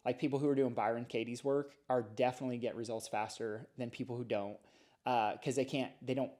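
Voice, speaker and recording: Man, middle-aged, chiropractor guest, animated storyteller, casual podcast chat, mid-range pitch. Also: brisk. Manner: animated storytelling, lively explanations.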